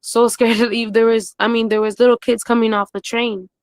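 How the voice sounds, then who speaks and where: A woman's voice: a little high, little pitch movement, a little fast, dry recording. A woman eyewitness recounting events on a live stream, rambling with many "like" and "you know" fillers. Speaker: eyewitness guest.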